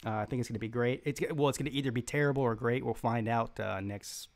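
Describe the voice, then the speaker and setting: Gravelly, halting man trash-talking on a live stream. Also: medium pitch, fairly even intonation. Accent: Southern American. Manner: rambling, halting, with many fillers and restarts; mocking trash talk. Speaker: sports live-stream host. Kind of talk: live-stream chat reading viewer comments.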